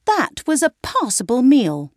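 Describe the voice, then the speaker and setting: A woman's voice: high voice, wildly swooping pitch, unhurried, no echo, studio quality, voice pushed up, full character voice. A woman doing a pompous young man. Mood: airy. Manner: pompous, wordy.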